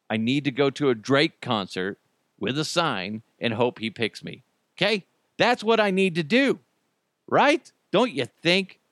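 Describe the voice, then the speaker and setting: A man's voice: mid-range voice, fairly bright tone, dry recording. A middle-aged man hosting a podcast, telling stories in casual, profane chat and laughing often. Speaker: podcast host.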